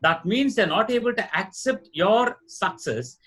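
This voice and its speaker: Earnest Indian man with a husky voice. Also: sits high, expressive, measured pace, a bit bright. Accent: Indian English. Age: middle-aged. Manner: earnest, repetitive, emphatic explaining. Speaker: guest speaker, corporate trainer. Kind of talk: lecture-style talk show answer. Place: live event before an audience.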